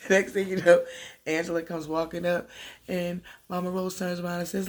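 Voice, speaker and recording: A woman in a casual recap vlog, losing her voice, telling the story in an animated way and acting out the characters' lines. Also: on the low side, moderate pace. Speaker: TV recap vlogger.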